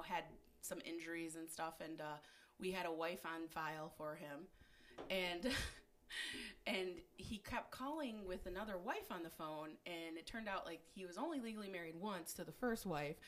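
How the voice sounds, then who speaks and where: A woman's voice: fairly low pitch, normal speed. A woman hosting a podcast in casual chat, laughing often and swearing freely. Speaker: podcast host.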